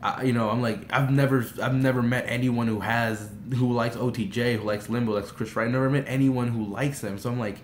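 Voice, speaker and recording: A young man casually telling a rambling story, full of fillers, his voice jumping high when he gets excited. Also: fast, hardly any pauses. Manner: rambling, filler-heavy retelling that surges into high excited shouts. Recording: roomy echo, faint background noise.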